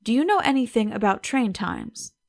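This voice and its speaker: Audiobook figure: brisk, sardonic young gentleman sleuth, read by a woman. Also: a little high, sing-song, gravelly, no room sound, clean studio sound. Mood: urgent.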